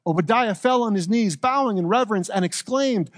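A male pastor preaching a relaxed sermon with playful, joking asides. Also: sits high, a little fast.

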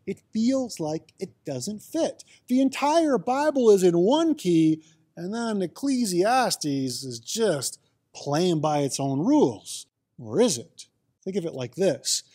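A man giving a casual, playful teaching talk on the Bible, with sudden animated exclamations. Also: sits high.

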